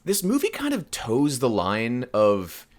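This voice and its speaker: A man in his own easy, chatty voice, co-hosting a film podcast. He sits at a middle pitch and talks with dry amusement, leaning on fillers as he recaps scenes. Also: wildly swooping pitch, unhurried. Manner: chatty, wry, full of "like" fillers. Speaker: podcast co-host. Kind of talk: casual film discussion.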